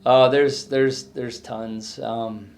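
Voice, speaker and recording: A middle-aged man and retiring fire chief, reflecting in an exit interview, earnest and halting with many restarts. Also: mid-range voice, flat delivery, darkish tone, slight background noise.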